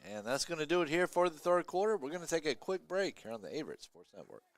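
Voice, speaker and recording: A man giving live play-by-play commentary on a college lacrosse game, chatty between plays and excited on big ones. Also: on the high side, quick pace, no room sound. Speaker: play-by-play announcer.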